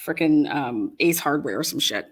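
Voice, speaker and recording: A woman's voice: sits low, expressive, normal speed. Rambling, profane woman narrating footage. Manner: rambling, profane, incredulous storytelling. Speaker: commentator on footage. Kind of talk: casual commentary over video.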